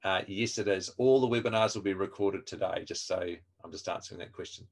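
Low-voiced man teaching a webinar. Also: fairly quick, gravelly. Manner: explains step by step, quizzes his audience and answers questions. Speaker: evangelism trainer.

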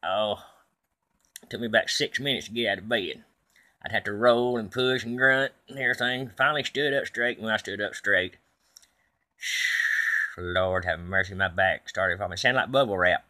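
This man's voice sits on the low side, bright and forceful, moving at a normal speed. He's a comedic storyteller giving a monologue, telling a rambling, folksy tall tale and quoting others in his own voice.

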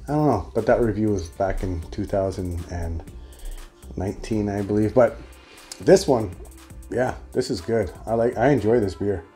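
A man's voice: on the low side, moderate pace, dark tone, faint music behind. A man giving a chatty, rambling solo beer review.

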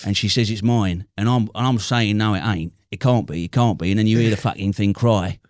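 A man playing a crude, brash middle-aged hardman, co-hosting a comic interview with deadpan swearing boasts. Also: fairly low pitch, a little fast, dry recording, studio quality, natural voice. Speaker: co-host.

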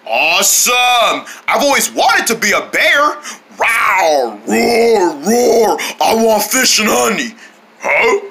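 A performer voicing an excitable, shouty cartoon hero who turns into a bear, in a homemade toy cartoon. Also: mid-range voice, exaggerated voice. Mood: delighted. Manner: excitable, shouty, full of sound effects.

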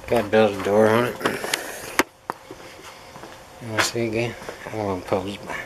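Rambling low-voiced man, air-con hum. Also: steady tone, normal speed. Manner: rambling, wry, self-mocking. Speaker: pool instructor. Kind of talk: casual rambling vlog. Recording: air-conditioner hum behind.

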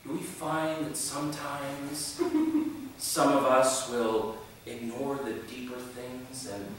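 A man mimicking a syrupy, hushed preacher. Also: medium pitch, steady tone, takes it slowly, slight background noise, voice pushed down, lightly acted. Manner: sugary, overly polite, hushed. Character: soft-spoken gentle evangelical preacher, man. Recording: echoey hall from far off.

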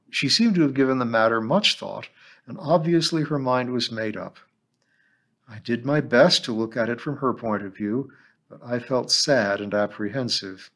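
Man, audiobook narration, mid pitch, measured storytelling. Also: a bit bright. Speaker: audiobook reader.

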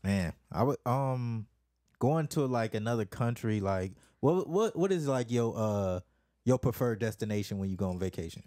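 A man's voice: medium pitch, animated, moderate pace, dark tone, no room sound. Laid-back man, dry close sound. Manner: laid-back, frequent short affirmations, slangy. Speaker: podcast co-host. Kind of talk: casual chat.

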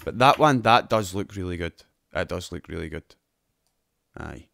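A man's voice: deep voice, expressive, normal speed, vocal fry, fairly bright tone, no room sound, studio quality. A Scottish man hosting a podcast, chatting casually with friends about games and shows, swearing and laughing often. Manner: sweary, laughing, banter-heavy. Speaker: podcast host. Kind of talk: casual gaming chat.

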